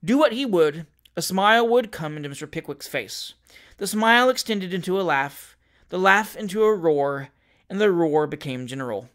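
A man reading a classic novel aloud in a measured, expressive storytelling manner. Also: sits high. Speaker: audiobook reader.

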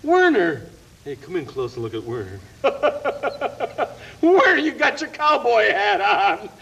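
A man voices a scheming male puppet dragon who runs the show in a 1970s television puppet comedy, flustered and coaxing as he stammers and restarts. His exaggerated voice is high-pitched, gravelly and sharp, with huge pitch swings at a moderate pace. The audio is dull lo-fi broadcast tape.

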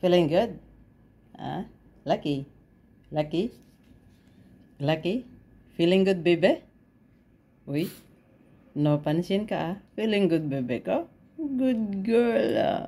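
A woman's voice: fairly low pitch, expressive, slow, long pauses, mellow, slightly rough. A woman vlogger talking baby talk to her dog at home, mixing Tagalog and English. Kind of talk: casual pet vlog, talking to her dog. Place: home, indoors.

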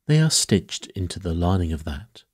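A man voicing a frightened, sharp young woman in a bedtime story reading, raising his voice high and crying out in alarm. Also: very animated, moderate pace. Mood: tense. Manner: cries out in alarm, demanding. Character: frightened tall red-haired woman, sharp and quick.

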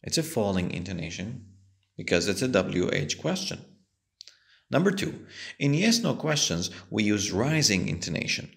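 A man teaching an English lesson, explaining patiently and slowly with a strongly rising and falling voice. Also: on the low side, sing-song, creaky.

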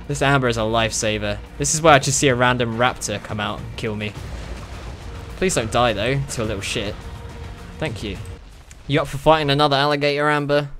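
A young man giving casual, excitable commentary while playing a video game, swearing and laughing often. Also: medium pitch, brisk, faint music behind. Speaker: gaming video host.

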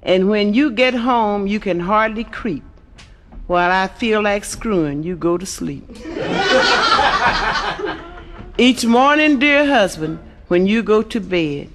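A woman's voice: medium pitch, lively intonation, unhurried, a little hiss or hum. A woman comedian telling bawdy jokes and rhymes in a brash, earthy storytelling manner. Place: stage before live audience.

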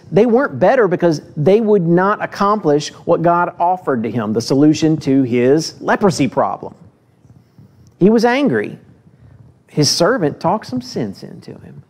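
A man preaching a sermon in a church, his voice sitting a little high for a man. He reads scripture aloud and gives its speakers lively acted voices. Then he turns to the congregation and talks plainly, asking them direct questions. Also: normal speed. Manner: asks the listeners direct questions.

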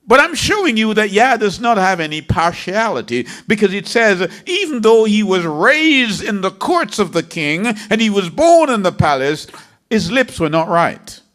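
A man's voice: sits high, big pitch swings, normal speed, a bit bright. A man preaching a sermon, reading scripture in a dramatic, emphatic way.

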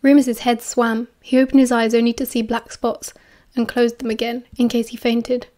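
A woman with a British accent reading a novel aloud as audiobook narration, dropping softly into hushed voices for the dialogue. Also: fairly high pitch, little pitch movement, normal speed. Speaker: fan audiobook reader.

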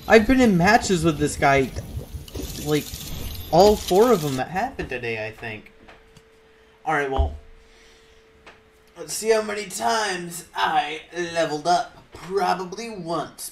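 A man's voice: on the high side, very animated, takes it slowly, a little hiss or hum. A man casually commenting on his own gameplay, rambling and playful as he talks to himself. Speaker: gamer. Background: game music.

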